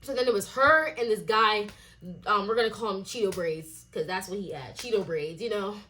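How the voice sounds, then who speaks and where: A young woman telling a storytime vlog as a casual rant, swearing and acting out quoted lines in a higher voice. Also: normal speed, bright, forceful tone. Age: young adult.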